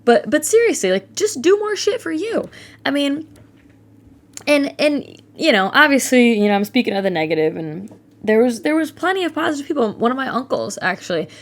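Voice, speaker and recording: A woman's voice: sits high, brisk. Twenty-something girl ranting on her podcast, swears a lot, does little voices for people. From Ohio. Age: 20s. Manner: candid and animated, swears freely, quotes people in mimicked voices. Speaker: podcast host. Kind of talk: casual solo podcast monologue.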